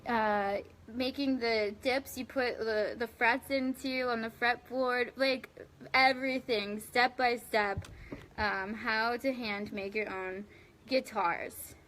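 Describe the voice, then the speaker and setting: Young woman, slightly high voice, giggly, rambling casual live chat. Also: fairly even intonation, takes it slowly, fairly bright tone, slight background noise. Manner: bubbly, giggly and chatty, thanking viewers by name; loose and rambling with fillers. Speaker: live-stream host. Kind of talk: casual live chat reading viewer comments.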